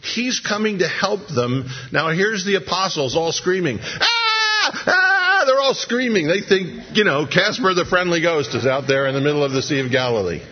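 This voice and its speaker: Animated preacher telling a sermon story. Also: male voice, on the high side, normal speed, hardly any pauses, husky, muffled recording. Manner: dramatic storytelling, acting out scenes in voices.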